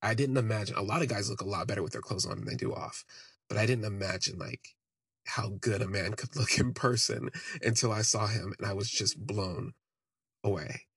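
A man with a lowish, fairly bright and slightly rough voice tells a personal story on his podcast, talking fairly quickly with no room sound. He rambles candidly and fills his speech with "like."

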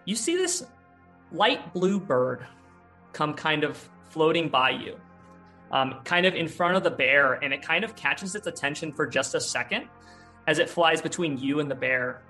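A man's voice: a little high, expressive, a little slow, pushed and bright, soft background music. A man narrating a tabletop role-playing game as game master, rambling with many fillers and restarts.

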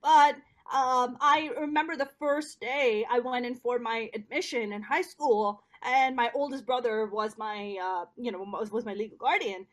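A woman from Pakistan talks in a high, light voice as an interview guest. She tells her stories in an animated, joking way, full of energy and quick turns. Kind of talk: casual interview chat.

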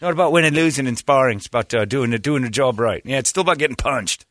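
A man hosting a podcast, telling comic stories in a lively way and acting out the quotes. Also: mid-range voice, fast, no room sound, studio quality. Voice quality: animated, acts out quotes. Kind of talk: comic storytelling chat.

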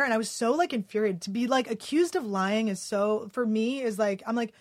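A woman's voice: a little high, fairly quick, no room sound. Young woman comic ranting about her past, cusses a lot, says like constantly, dry close sound. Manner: heated, profane storytelling full of "like". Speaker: comedian guest. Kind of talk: casual podcast chat.

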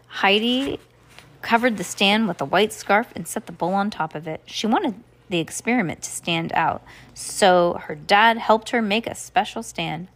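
A woman's voice: mid-range voice, measured pace, a bit bright. A woman reading a children's book aloud, with occasional slips and restarts. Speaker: reader.

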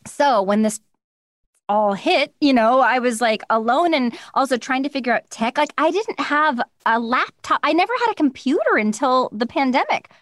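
A woman chatting as a guest in an interview, recorded from her home studio, telling animated stories and acting out the voices of the people she quotes. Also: sits high, normal speed, dry recording. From United States. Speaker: guest voice actor. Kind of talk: casual interview chat. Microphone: studio microphone.

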